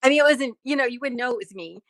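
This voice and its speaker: A woman's voice: high-pitched, rapid-fire, fairly bright tone, no echo. A middle-aged woman, an actress being interviewed, chatting casually and laughing often. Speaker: actress and guest.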